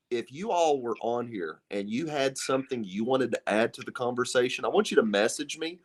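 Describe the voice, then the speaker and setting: A man's voice: on the low side, slight background noise. A middle-aged man with a Southern US accent hosts a casual livestream chat, stumbling and repeating words as he talks. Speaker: host.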